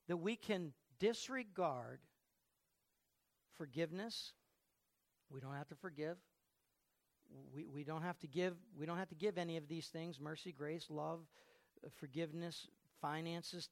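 A woman pastor preaching a sermon in a church, animated and fond of asking the congregation questions, with frequent laughter. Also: low-pitched, no room sound. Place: church sanctuary.

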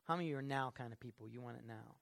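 A middle-aged pastor preaching a sermon, emphatic, swinging from quiet asides to loud outbursts. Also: male voice, mid-range voice, racing, vocal fry.

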